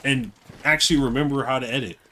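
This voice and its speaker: Fast and rambling, this co-host jokes around casually during a live gaming stream. His mid-range voice is pushed and bright, and there's a little hiss or hum in the recording.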